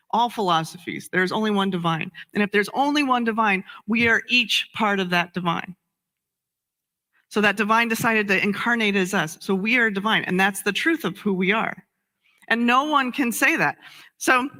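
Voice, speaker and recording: A woman minister delivers a casual, conversational sermon with a very bright, sharp tone. She is animated, slips into little acted-out scenes and laughs often. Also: medium pitch, normal speed.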